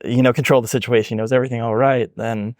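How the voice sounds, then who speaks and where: A man's voice: medium pitch, little pitch movement, racing, a little mellow, no echo. Male podcast host, casual, thoughtful, hesitant phrasing, dry close sound.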